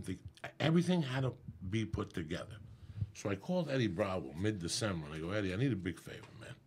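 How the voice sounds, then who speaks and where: A middle-aged man, a comedian guest, telling a profane, animated story in casual podcast chat. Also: low-pitched, slight background noise. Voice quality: gravelly, husky.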